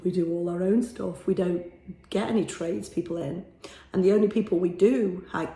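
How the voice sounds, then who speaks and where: A woman's voice: mid-range voice, mellow. A woman, chatting in a rambling, easy way as she films a casual video diary inside her small shop. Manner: chatty, rambling, laughs easily. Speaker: shop owner vlogger. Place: small shop being renovated, indoors. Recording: echoey bare room.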